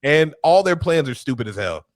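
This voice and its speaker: A man's voice: on the high side, fairly quick, slight background noise. A man hosting a casual movie recap chat, acting out the characters' lines. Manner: animated, acts out characters' lines in put-on voices. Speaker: podcast host.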